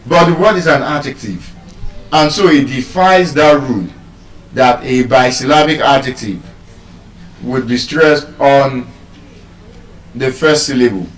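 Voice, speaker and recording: A man lecturing on word stress at a slow, measured pace, pausing between phrases and repeating key words. His voice rings in a roomy, echoing space and sounds a little removed from the microphone. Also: mid-range voice. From Nigeria. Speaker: teacher giving a pronunciation lecture. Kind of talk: classroom lecture, explaining and spelling out words. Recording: roomy echo, voice from a distance.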